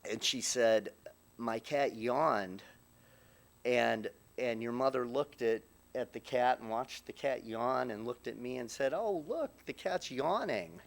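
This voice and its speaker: A middle-aged man giving a eulogy for his mother at a funeral, speaking haltingly with many restarts and pauses, at times choked up. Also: mid-range voice, fairly even intonation, vocal fry. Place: funeral chapel.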